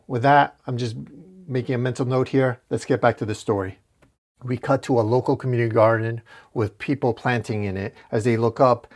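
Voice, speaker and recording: A man narrating a comic book recap at a middle pitch for a man. He tells the story plainly and breaks off for casual, wry commentary.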